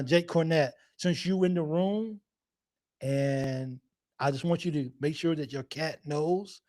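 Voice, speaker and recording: Casual male stream host, slightly high voice, rambling and full of laughs. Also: a little mellow. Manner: chatty, rambling, repeats himself, laughs often. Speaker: fan show host. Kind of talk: casual live-stream chat.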